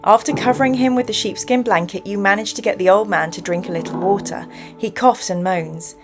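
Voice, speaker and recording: A woman's voice: mid-range voice, fairly quick, over music. A woman hosting a livestream, reading a gamebook aloud and chatting with viewers with plenty of giggles. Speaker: streamer and game host.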